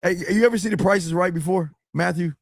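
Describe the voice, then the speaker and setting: A man's voice: high voice, fast, creaky, no echo, studio quality. A man hosting a crude advice talk, brash, mocking and emphatic, swearing often. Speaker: host.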